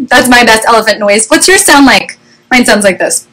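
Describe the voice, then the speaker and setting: A woman reads a children's story aloud in an animated, expressive way. Her voice sits fairly high. The recording comes from a webcam with a faint hiss of noise behind her. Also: normal speed.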